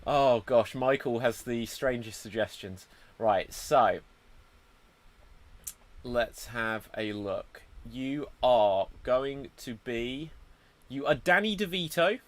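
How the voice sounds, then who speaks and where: A man's voice: medium pitch, slow. A man hosting a live improv comedy show over a video call, upbeat and giggly. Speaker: host.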